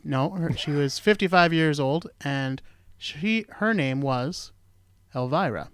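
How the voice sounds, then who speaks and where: A man's voice: fairly high pitch, lively intonation, takes it slowly, fairly bright tone, smooth, no echo, studio quality. A man hosting a true-crime talk show, telling the story in a rambling, jokey way and correcting himself as he goes. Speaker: podcast host. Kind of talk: casual true-crime chat.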